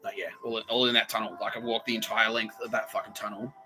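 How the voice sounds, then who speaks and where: A man's voice: lowish voice, flat delivery, fast, music in the background, rough recording. A man telling a rambling personal story, laughing often, swearing freely and acting out quotes. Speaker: podcast host.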